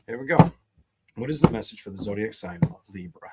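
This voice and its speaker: A man's voice: fairly low pitch, expressive, fairly quick, heavy background noise. Blunt, foul-mouthed man reading tarot. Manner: blunt, heavy swearing, worked-up. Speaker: tarot reader. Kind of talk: tarot reading for zodiac signs.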